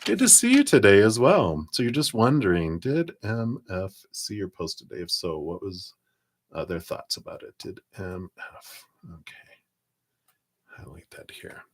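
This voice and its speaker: A man's voice: fairly low pitch, big pitch swings, moderate pace, noisy background. A man giving a live-streamed tarot reading, chatty and laughing often, with lots of ums and you-knows. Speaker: tarot card reader.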